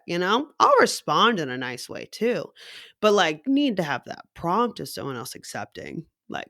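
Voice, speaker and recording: A young woman talking casually in a vlog, animated and slangy, swearing freely and laughing as she jumps into high voices to mimic people. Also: normal speed, no echo, studio quality. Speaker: vlogger.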